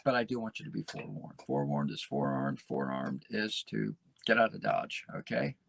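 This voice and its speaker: A man's voice: fairly low pitch, animated, moderate pace, creaky, no echo. A male host giving a folksy, emphatic monologue, often repeating phrases and tagging lines with "okay?". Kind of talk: casual talk show monologue.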